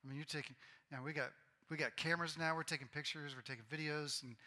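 A pastor in his forties preaching a sermon to his congregation, earnest and bursting into loud, excited outbursts. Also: a little high, fast talker. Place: church sanctuary. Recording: long reverb of a large hall.

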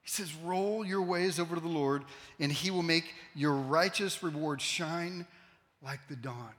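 A man preaching a sermon as a pastor, swinging between loud emphatic lines and quiet, intense asides. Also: fairly high pitch, measured pace. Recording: long hall reverb.

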